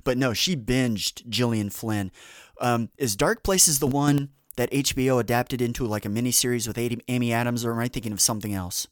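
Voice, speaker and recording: A man hosts a relaxed podcast conversation, drifting from one tangent to the next with plenty of "um"s and false starts. His voice sits at a middle pitch and sounds dry and close, with little room around it. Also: a little fast, dry recording. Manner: rambling, many fillers and restarts. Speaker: podcast host. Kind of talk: casual podcast chat.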